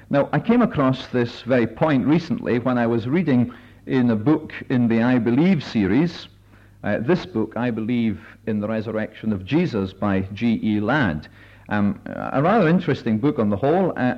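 A man leading a Bible study meeting, speaking in a careful, measured way with many filler pauses as he reads and explains passages. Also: medium pitch. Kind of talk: measured sermon-style talk with readings. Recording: dull lo-fi recording.

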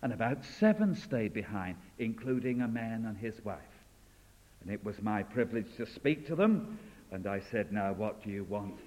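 A man preaching a sermon with fervent delivery, swinging from loud declarations to hushed, intimate lines. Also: fairly low pitch, lively intonation, moderate pace. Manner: fervent, rising and falling dramatically. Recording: dull sound in a long reverberant hall.

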